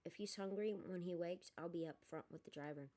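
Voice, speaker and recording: A woman's voice: fairly low pitch, fairly quick, warm tone, close to an everyday voice. A woman voicing a kindly older witch selling food on a train, speaking reassuringly. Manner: kind and reassuring.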